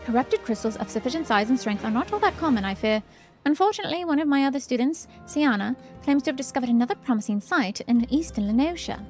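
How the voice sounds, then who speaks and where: A fussy, pompous old-fashioned professor, as a woman puts him on while reading a fantasy game's dialogue aloud. He talks in a formal, stiff way, with faint music underneath and a fairly high voice for the part. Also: animated, fast, a little mellow. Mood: prim.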